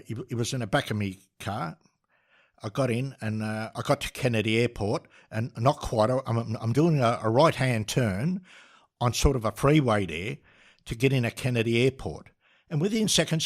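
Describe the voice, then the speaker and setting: Older Australian man, lively storyteller. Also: mid-range voice. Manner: lively, laughing storyteller with many restarts. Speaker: podcast guest. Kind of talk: animated storytelling.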